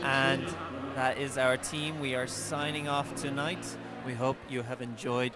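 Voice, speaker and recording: A man giving live commentary at a climbing competition, building excitement as the climb goes on. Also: medium pitch, measured pace, very noisy. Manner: rises and speeds up excitedly during climbs. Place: outdoor climbing event. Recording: loud music and crowd behind.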